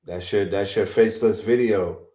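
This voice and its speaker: Deep-voiced man in an echoey room. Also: fairly even intonation, normal speed, mellow. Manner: rambling, slangy, emphatic. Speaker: guest co-host. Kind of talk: casual chat.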